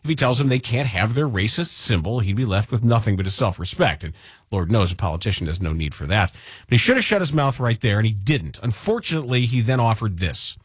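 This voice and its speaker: A man's voice: fairly low pitch, big pitch swings, quick pace, breathy edge, no echo. A man hosting a radio show, reading listener submissions with dry, mocking sarcasm and rhetorical asides.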